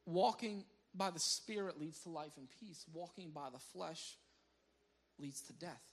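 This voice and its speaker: A man's voice: fairly high pitch, measured pace, husky. A man preaching a conversational sermon as pastor, telling stories animatedly, laughing often and restarting his phrases. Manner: animated storyteller who breaks into laughter; repeats words as he restarts phrases.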